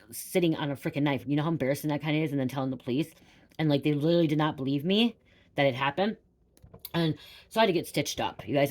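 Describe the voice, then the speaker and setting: A woman's voice: sits low, darkish tone. A woman psychic telling a personal story to her viewers in a rambling, repetitive way, swearing casually and often saying "you guys.". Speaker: psychic reader.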